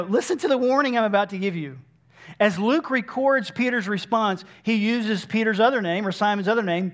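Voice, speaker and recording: A man's voice: sits high, fairly bright tone. A man preaching a sermon, explaining scripture earnestly and acting out the speakers in his own words.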